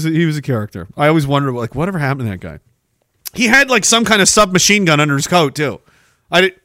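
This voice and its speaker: A Canadian man in his forties, a podcast host telling wild stories in a profane, animated way, laughing often. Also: high-pitched, no room sound, clean studio sound. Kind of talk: casual storytelling.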